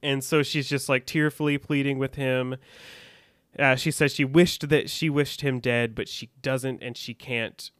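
Podcast co-host, male, smooth clear voice, dry close sound, casual recaps. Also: medium pitch, steady tone, a little slow, a bit bright, no room sound. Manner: recounts scenes, reading out dialogue with some drama.

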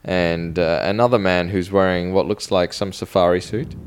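A man's voice: sits low, steady tone, normal speed, a little hiss or hum. A man co-hosting a podcast in casual chat, telling rambling stories with dry, self-deprecating jokes. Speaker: podcast co-host.

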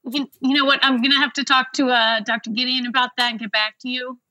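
A woman's voice: sits high, level tone, fast, bright, forceful tone, no echo, low-quality recording. Woman as a flustered soap receptionist. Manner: hesitant, stalling. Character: flustered female hospital receptionist.

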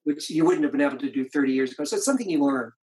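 Speaking in a mid-range, slightly mellow voice, an older author races animatedly through reflective anecdotes about his marriage during an interview, often starting over mid-thought. The recording is low quality.

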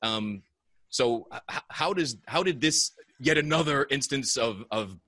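A man's voice: mid-range voice, lively intonation, unhurried, sharp tone, no echo. A man hosting a casual interview, talking conversationally and restarting his questions. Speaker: podcast host.

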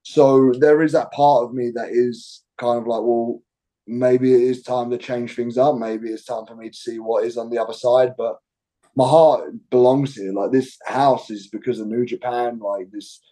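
Cockney wrestler interviewed, warm dark tone, hesitant and rambling. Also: male voice, medium pitch, steady tone, normal speed, rough recording. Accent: Cockney English. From England. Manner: rambling, hesitant, full of fillers like "like". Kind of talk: interview conversation.

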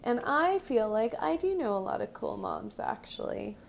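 A woman's voice: fairly high pitch, big pitch swings, moderate pace, creaky. A woman co-hosting a podcast, chatting casually about a show, laughing often. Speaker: podcast co-host. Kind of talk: casual recap chat.

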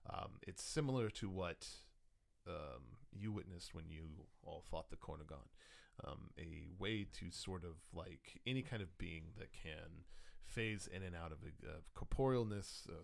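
A man's voice: sits low, creaky, exaggerated voice. A man voicing a worried male companion archer in a tabletop game, earnest and hesitant.

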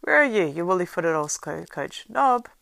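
A woman voicing a fat, bustling middle-aged male innkeeper who chatters loudly and fussily, in a story reading. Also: low-pitched, gravelly, no room sound. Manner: hurried, loud and fussy chatter.

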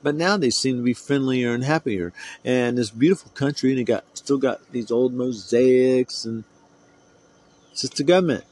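A man's voice: mid-range voice, normal speed, a little mellow. A middle-aged man from the United States, hosting a podcast and ranting in a heated, profane, rambling way. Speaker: podcast host. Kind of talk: solo podcast rant.

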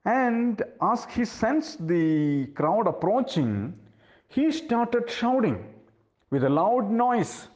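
A man's voice: high-pitched, very animated, very slow, darkish tone, muffled recording. A male preacher retelling a story in a sermon, dramatic, with frequent rhetorical questions to his listeners.

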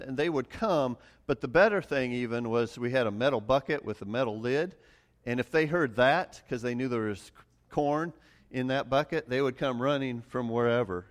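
Man, middle-aged, pastor, casual sermon, conversational, frequent restarts, average pitch. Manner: conversational, many restarts and fillers, chuckles at himself. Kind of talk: casual sermon with personal stories.

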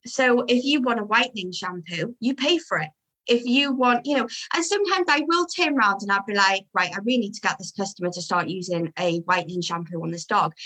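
Speaking in a mid-range voice on a rough recording, a woman who grooms dogs chats animatedly in an informal interview. She does impressions of her customers as she talks.

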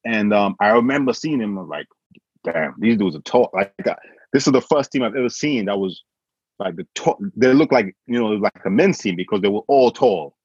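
A man from England telling a story in a casual conversation, animated, acting out what others said. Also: lowish voice, fairly quick, vocal fry, husky, dry recording. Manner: animated, quotes others with voice changes. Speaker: guest. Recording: dull, dry sound.

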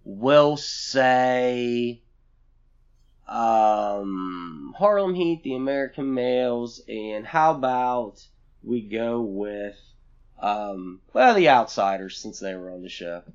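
A man's voice: medium pitch, expressive, slow pace, clean tone. A man co-hosting a podcast, swearing freely and rambling loosely in casual chat. His voice sits in an ordinary middle register. The recording is a bit muffled and lo-fi. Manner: profane and blunt, rambling. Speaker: podcast co-host.

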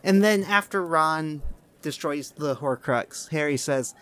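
A podcast host chats casually and reads book passages aloud. The voice sits at a middling pitch. The delivery is rambling and tangential, often trailing off in self-amused asides. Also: slow pace, fairly bright tone. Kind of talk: casual chat and reading aloud.

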